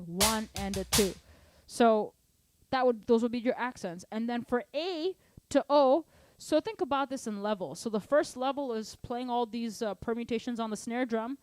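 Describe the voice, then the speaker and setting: A woman's voice: fairly high pitch, dry recording, studio quality. A woman teaching drums in a casual online lesson, explaining at length and singing out counts and rhythms to show accents. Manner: animated, sings rhythms and counts aloud; chatty, long-winded explanations. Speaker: drum teacher.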